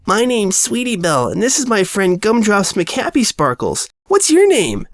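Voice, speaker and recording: A man putting on a squeaky cheerful unicorn filly. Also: wildly swooping pitch, normal speed, dry recording, studio quality, exaggerated voice. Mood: chirpy. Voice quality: squeaky, chirpy.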